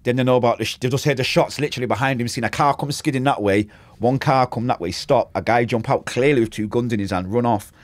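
A man's voice: medium pitch, fast talker, dry recording. A man with a Manchester accent, a podcast guest telling his story in a casual interview, acting out quotes and sound effects, with street slang. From Manchester, England. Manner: vivid storyteller, acts out quotes and makes gunshot sounds; street slang, swears oaths.

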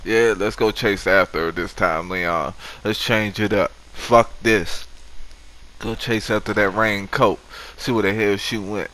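Profane man doing slow gameplay commentary. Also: lowish voice, fairly even intonation, a bit bright. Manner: swearing, trash-talking enemies. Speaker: gamer. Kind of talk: profane let's-play commentary.

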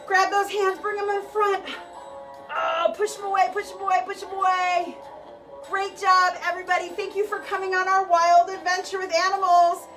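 Very high-voiced woman leading a kids' workout. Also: fairly even intonation, measured pace. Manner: encouraging, calls out moves and cues. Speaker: fitness instructor. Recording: distant mic with background music.

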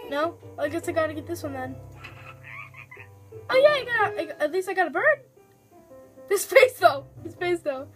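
A young woman giving excitable, giggly let's-play commentary on a game, chatting to her viewers as she plays. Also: very high-pitched, moderate pace, pauses often, music in the background. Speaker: gaming video host.

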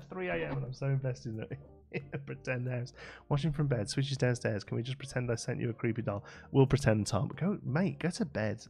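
A man's voice: medium pitch, normal speed, gravelly, darkish tone, faint music behind. A man chatting with viewers during a late-night live game stream, thinking aloud and laughing often.

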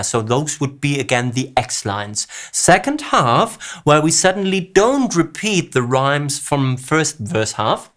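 A man hosting a music analysis show, explaining song lyrics in a measured way and reading lines aloud. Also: on the high side, fairly bright tone.

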